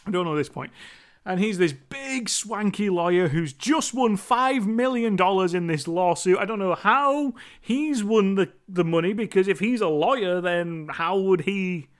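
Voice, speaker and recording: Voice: medium pitch, animated, moderate pace. A movie reviewer talking through a film in a rambling, chatty monologue, swearing casually now and then.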